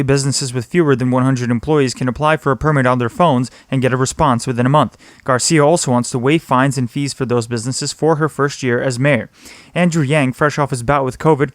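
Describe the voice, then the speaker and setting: A man hosting a news podcast, reading a scripted roundup of the week's local news in a brisk, steady delivery. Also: medium pitch, dry recording, studio quality.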